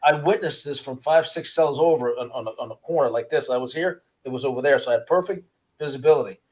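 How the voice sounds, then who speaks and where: A man, a former prisoner, telling his story in a casual interview with an earnest, halting manner, often repeating words. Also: mid-range voice, darkish tone. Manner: earnest, repeats words, acts out guards' voices.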